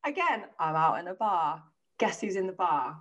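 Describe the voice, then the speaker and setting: A woman in her thirties telling a lively, sweary anecdote as a podcast co-host. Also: fairly low pitch, normal speed, far from the mic, lo-fi sound. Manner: swearing, anecdotal, animated retelling with quoted voices. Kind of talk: casual storytelling chat.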